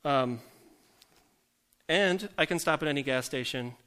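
A male pastor gives a conversational sermon, joking at his own expense and tossing rhetorical questions to the congregation. His voice is fairly high, sharp and clean, at a measured pace.

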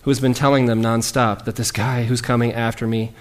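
Lively conversational male preacher. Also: mid-range voice, fairly quick. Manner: lively, conversational, acts out quoted lines. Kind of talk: conversational sermon.

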